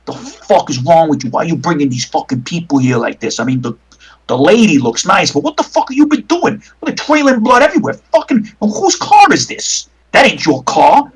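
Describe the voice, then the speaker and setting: A man voicing a huge, angry male mob bruiser who yells and curses in a tabletop game. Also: on the high side, big pitch swings, a little fast, husky, heavily acted, rough recording. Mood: furious. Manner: yelling, cursing, furious.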